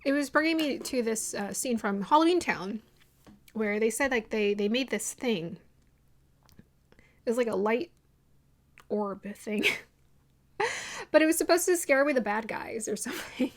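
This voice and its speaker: A woman's voice: on the high side, expressive, moderate pace, pauses often. Chatty, rambling woman reading tarot cards. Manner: chatty and rambling, laughs at her own drama; restarts sentences often, many fillers. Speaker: tarot reader. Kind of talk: casual intuitive tarot reading to camera.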